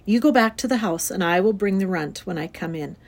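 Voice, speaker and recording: A woman voicing a gentle, steady farmer father who speaks in a calm, measured way for a storybook reading. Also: medium pitch, lightly acted.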